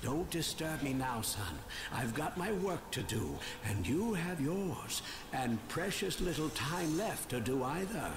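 A mysterious old gravedigger speaks in a slow, knowing way with a lively, rising and falling pitch. The video game audio carries a clear bed of ambient noise. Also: male voice. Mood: cryptic. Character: old male gravedigger, cryptic and wry.

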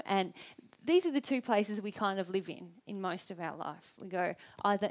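A woman co-hosting a spiritual talk, speaking in a measured way and quoting inner thoughts to explain. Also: mid-range voice, expressive, a little mellow. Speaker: co-host. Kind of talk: conversational teaching talk.

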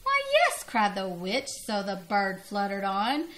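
A woman's voice: mid-range voice, a little slow. A grandmother reading a children's storybook aloud expressively, laughing and leaping up on the cries. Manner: expressive, laughing, big vocal jumps on cries.

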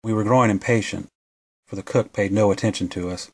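A man with a fairly low voice reading a novel aloud as an audiobook narrator. He keeps a steady, measured pace throughout. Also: breathy edge.

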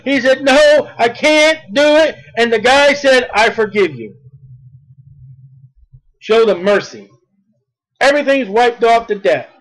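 A man preaching a fiery sermon, emphatic and repetitive, rising to shouts at his peaks. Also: extremely high pitch, low-quality recording.

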